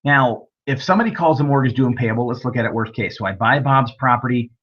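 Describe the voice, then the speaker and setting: Husky male investing instructor, lo-fi. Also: medium pitch, fast talker. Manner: folksy storytelling, acts out dialogue. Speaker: real estate investing instructor. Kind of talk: webinar lecture with anecdotes. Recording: dull lo-fi webinar audio.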